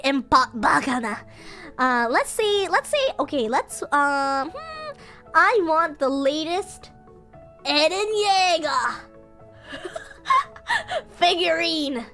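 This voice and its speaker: A woman's voice: sits high, bright, forceful tone. A woman streaming a playful Japanese vocabulary lesson, giggling often and acting out little scenes.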